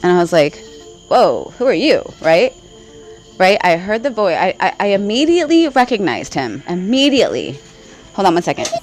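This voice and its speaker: A woman's voice: mid-range voice, big pitch swings, normal speed, faint music behind, poor audio. A woman vlogger telling a spiritual story in casual, rambling talk, often checking in with "right?" and laughing along the way. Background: faint crickets.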